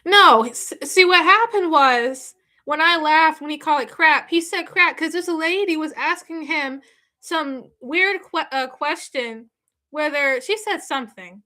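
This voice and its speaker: A woman's voice: high-pitched, measured pace, bright, forceful tone. A woman hosting a live stream, chatting casually with viewers in an emphatic, repetitive way and laughing often. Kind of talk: casual reaction chat with viewers.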